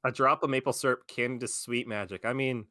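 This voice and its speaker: A man's voice: medium pitch, brisk, no echo, studio quality. A young man co-hosting a casual stream, reading things out and mocking them with sarcastic, swearing rants. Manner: sarcastic, swearing, animated ranting. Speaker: stream co-host.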